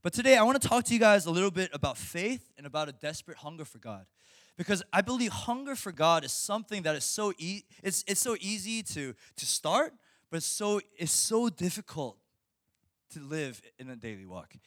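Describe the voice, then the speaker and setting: A young man, a high school pastor, preaching and telling a personal story with lots of laughter and restarts. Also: sing-song, a little fast, a bit bright, no echo, clean studio sound. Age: young adult. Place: Chicago suburbs.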